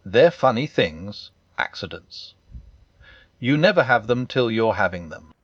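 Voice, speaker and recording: A man's voice: lowish voice, very animated, a little slow, dry recording, lo-fi sound. A man voicing a gloomy, sardonic old male donkey with a dry, glum way of talking.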